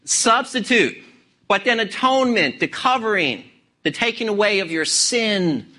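A man preaching a sermon in a high voice. His tone is bright and forceful, and he leans on key words and fires rhetorical questions at the congregation. He speaks as the pastor of the church. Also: animated, unhurried. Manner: expository preaching with rhetorical questions and emphatic stresses.

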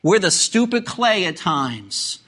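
A male pastor delivers a sermon in a bright, ringing voice. His pitch swoops up and down as he stacks rhetorical question on rhetorical question. His delivery is emphatic throughout. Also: big pitch swings, slow.

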